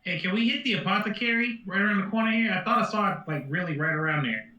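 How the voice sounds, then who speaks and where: Man as tabletop player, eager and high, bright tone, distant dull echoey recording. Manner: eager, rapid questioning.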